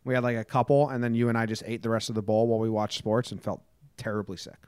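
A man's voice: medium pitch, little pitch movement, quick pace, darkish tone, smooth, dry recording. A young man co-hosting a casual chat, wry and joking as he trades stories. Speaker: co-host.

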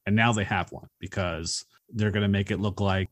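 A man co-hosting a casual movie podcast, calmly recounting plot points and favorite moments. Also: lowish voice, normal speed, hardly any pauses. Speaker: podcast co-host.

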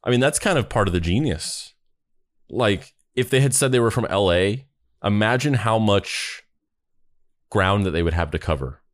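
A male podcast co-host with a fairly low voice, talking in a relaxed, reflective way. The recording is dry and close, with little room sound. He laughs easily as he talks things over. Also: normal speed, no echo. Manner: thoughtful, chatty, laughs easily. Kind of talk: casual podcast chat.

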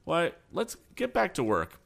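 A man's voice: on the high side, wildly swooping pitch, unhurried, creaky, fairly bright tone, pitched above the performer's own voice, exaggerated voice. A man reading an audiobook, voicing an eager young male inventor a little above his own voice.

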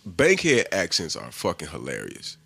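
A relaxed man from Indiana trading jokes on a podcast, his voice bright and a touch low, with lively swings in pitch. The sound is dry and close. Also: moderate pace, gravelly, breathy edge, dry recording. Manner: laid-back, joking, swears freely. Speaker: podcast co-host. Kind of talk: casual chat.

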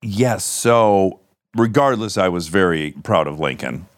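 A male podcast host in casual chat, telling lively stories and swearing freely. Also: low-pitched, unhurried, no room sound, studio quality. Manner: animated storyteller, swears freely.

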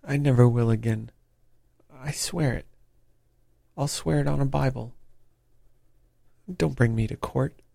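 A man's voice: deep voice, little pitch movement, slow pace, pauses often, a little mellow, no echo, full character voice. A cringing young male thief pleads and confesses in a raised, desperate voice, as a man reads him aloud. The sound is dry and close, a storybook reading. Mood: pleading. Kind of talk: audiobook character reading.

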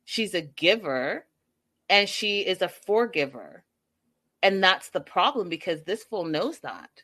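A woman hosting a casual live stream, recapping a reality show in an animated, emphatic, sassy way. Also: lowish voice, measured pace. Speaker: livestream host recapping reality TV.

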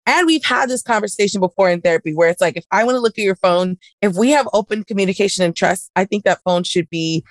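Animated woman telling a story, dry sound. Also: mid-range voice, quick pace, hardly any pauses, dry recording. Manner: animated storytelling, acting out both sides. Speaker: podcast co-host. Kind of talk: casual chat.

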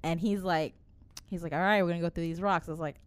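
A woman's voice: lowish voice, fairly even intonation, fast, clear, resonant tone, dry recording. A woman in her late twenties telling a story in casual chat, acting out quotes, swearing freely and laughing often.

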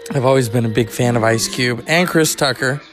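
A man's voice: mid-range voice, fairly quick, music in the background. Man rambling through a podcast monologue. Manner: rambling anecdotal storytelling. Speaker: podcast host. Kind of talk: casual monologue.

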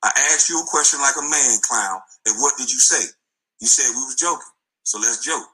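Profane ranting man, bright tense voice. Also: mid-range voice, a little fast, rough recording. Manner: profane, taunting, repeating insults. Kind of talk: angry rant video. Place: front seat of his car.

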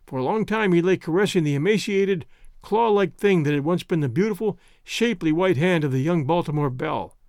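A man hosting an audio story show and narrating it in a steady, measured way. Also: on the high side, no room sound, clean studio sound. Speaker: audio story host and reader. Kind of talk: scripted narration.

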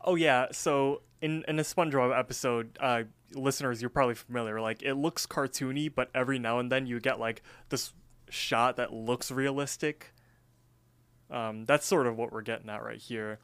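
A man's voice: mid-range voice, steady tone, moderate pace, a bit bright, clear, resonant tone, no echo. A man co-hosting a podcast, casually recapping a cartoon episode in a rambling style full of fillers. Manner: rambling, filler-heavy storytelling. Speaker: podcast co-host.

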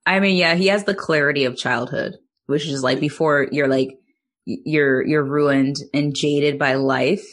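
A woman with a low, husky voice chats casually on a podcast. She recaps a film in a loose, rambling way, full of filler words and the odd swear. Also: steady tone, unhurried. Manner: chatty, many "like"s, swearing, laughs easily. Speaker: podcast co-host.

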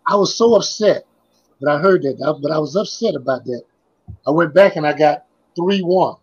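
A man's voice: on the high side, expressive, normal speed, breathy edge, highs cut off. An older man, a former basketball player, reminiscing as a guest in a casual interview, telling his stories in a rambling, repetitive way.

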